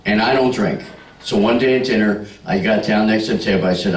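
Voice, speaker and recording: A man in his sixties with a fairly low, fairly quick voice does stand-up for a party crowd, telling jokes and stories with punchlines and bantering with the audience. The roomy recording picks him up from a distant mic in a party room full of live listeners.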